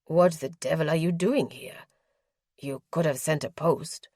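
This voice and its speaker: A woman voicing a tall, commanding male gaming-house owner with a sharp, irritated manner. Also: low voice, a little slow, no echo, clean studio sound. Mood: stern.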